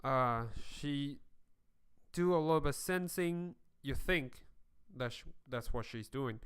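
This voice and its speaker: A man running a tabletop game as game master, talking in a halting way with many fillers and restarts. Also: medium pitch, fairly bright tone, clear, resonant tone.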